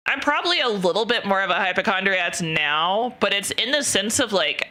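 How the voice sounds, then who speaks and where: Very bright-voiced rambling woman streamer. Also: medium pitch. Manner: rambling, profane, frequent fillers. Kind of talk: casual storytelling chat.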